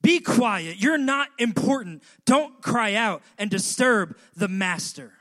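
A man's voice: high voice, lively intonation, slow pace, a bit bright, full character voice. A male preacher voicing a scolding crowd as the voice of discouragement, with curt, dismissive commands.

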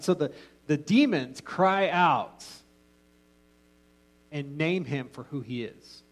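A man's voice: a little high, animated, takes it slowly, long pauses, low-quality recording. A man teaching an informal Bible class in a casual, joking way, often restarting his sentences.

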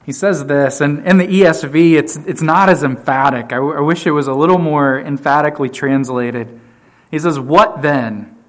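A pastor preaches a sermon to his church in a slightly high voice at normal speed. He's emphatic, often repeats key phrases, and swings from loud to quiet.

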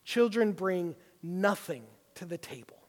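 A man's voice: high voice, lively intonation, unhurried. A man preaching a sermon, teaching through a Bible passage with emphatic stresses. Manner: emphatic, builds to forceful stresses. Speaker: pastor. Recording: long hall reverb.

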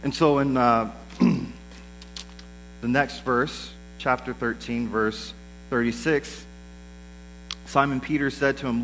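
A man's voice: medium pitch, fairly even intonation, takes it slowly, long pauses, a bit bright, a little hiss or hum, low-quality recording. A man preaching a sermon in a conversational way, acting out the lines of the people he quotes. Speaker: pastor.

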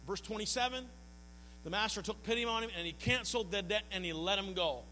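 A man's voice: high-pitched, fairly quick, bright, forceful tone. A man preaching a sermon as pastor, earnest and folksy, often stumbling and repeating words. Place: church hall. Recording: long hall reverb, mains hum.

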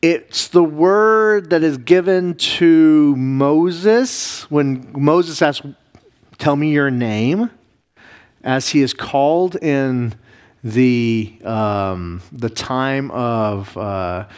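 A man, a pastor, teaching a Bible class, explaining Hebrew words slowly with many fillers and restarts. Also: mid-range voice, clean tone. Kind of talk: classroom lesson reading Hebrew.

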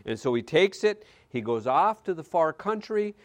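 Male pastor mid-sermon; lively intonation, dramatic loud-to-hushed delivery. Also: on the high side, moderate pace.

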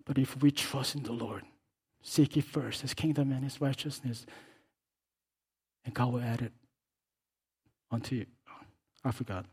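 A man preaching a sermon as pastor, swinging between hushed, quiet stretches and loud, impassioned calls. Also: medium pitch, fairly even intonation, a little slow, long pauses, slightly rough.

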